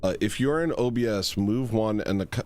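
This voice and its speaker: A man hosting a livestream, rambling comically and mocking himself, with sudden jumps into high squeals and laughs. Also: a little fast, darkish tone, slight background noise. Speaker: livestream host. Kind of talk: rambling comedic livestream chat.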